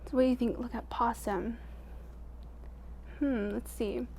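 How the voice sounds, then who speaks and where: Expressive woman reading a storybook aloud. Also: on the high side, unhurried, slight background noise. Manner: expressive, drops to a hush at quiet moments. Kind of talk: reading a picture book aloud to children.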